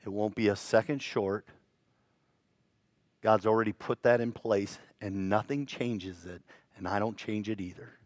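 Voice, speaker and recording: A man preaching a sermon in a church, telling stories with lively swings between hushed and loud delivery. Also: lowish voice, a little slow, dry recording. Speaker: pastor. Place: church sanctuary.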